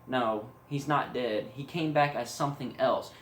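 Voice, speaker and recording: A man quoting a frightened teenage daughter in a lower, hushed voice during a horror story. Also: unhurried, echoey room, lightly acted. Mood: grim.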